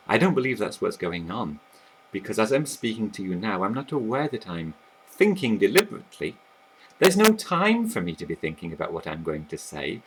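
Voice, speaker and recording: A man teaching about language learning, explaining in a lively, animated way while sketching on a board. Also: lowish voice, background noise. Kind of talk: explanatory video talk.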